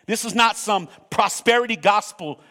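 High-voiced man preaching in a hall. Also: moderate pace, pushed and bright. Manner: earnest, emphatic preaching, reading scripture aloud. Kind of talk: sermon.

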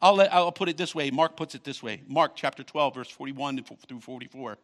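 A male pastor preaching a sermon, reading scripture aloud and breaking in with quick comments of his own. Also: medium pitch, a bit bright. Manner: reads scripture, then comments with quick asides and laughs.

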